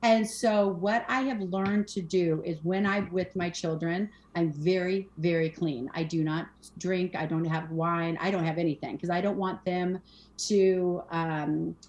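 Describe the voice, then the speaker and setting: A woman's voice: fairly low pitch, fairly even intonation, a little mellow. Frank, swearing woman in her forties. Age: 40s. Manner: frank and emphatic, swears casually, rapid run-on sentences. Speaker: podcast guest. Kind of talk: candid conversational storytelling. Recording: roomy echoey room.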